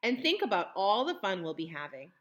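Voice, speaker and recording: A woman's voice: medium pitch, very animated, fairly quick, fairly bright tone. A woman voicing two vain, cruel stepsisters who sneer and taunt.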